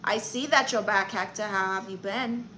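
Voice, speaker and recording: A woman's voice: mid-range voice, moderate pace, bright, forceful tone, slight background noise, poor audio. A woman with a Brooklyn New York accent, hosting a comedy live stream in character, chatty and brash as she greets viewers and reads the chat aloud. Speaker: livestream comedy host.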